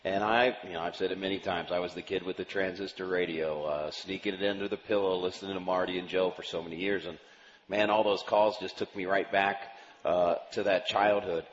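Deep-voiced man, radio guest. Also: steady tone, a little fast, in a large hall, muffled recording. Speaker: baseball broadcaster guest. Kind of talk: radio talk show chat.

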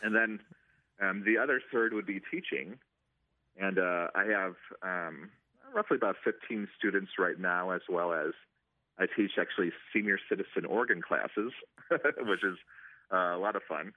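A man who plays organ at a stadium is interviewed by phone, and the line sounds tinny. He answers casually with many ums and restarts, in a low voice at normal speed with no room sound.

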